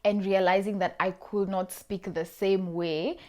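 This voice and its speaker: A woman's voice: mid-range voice, steady tone, unhurried, darkish tone. A woman in her twenties from Kenya, with an accent that mixes Kenyan and Australian, chatting to her viewers in a casual, encouraging advice vlog. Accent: Kenyan-Australian blend. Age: 20s. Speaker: vlogger.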